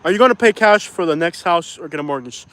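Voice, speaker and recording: A young man with a fairly high voice rants on a casual live stream, frustrated and venting. He keeps saying "bro" and "like" and apologizes now and then for his swearing. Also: animated, fast, bright, forceful tone. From Florida. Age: young adult. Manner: says "bro" and "like" often. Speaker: YouTuber reading live chat.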